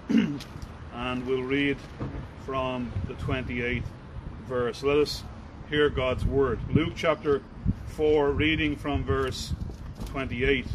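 A man, a preacher, reading scripture aloud in a measured, formal way and then starting his sermon. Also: medium pitch, noisy background.

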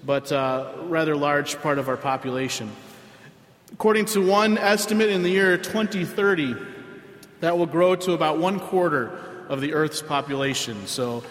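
A pastor preaches a sermon to his congregation in a relaxed, conversational way, pausing often on fillers. His voice sits a little higher than most men's. The recording has a roomy church-hall sound with a long reverb trailing each phrase. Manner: conversational, with frequent filler pauses. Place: church sanctuary.

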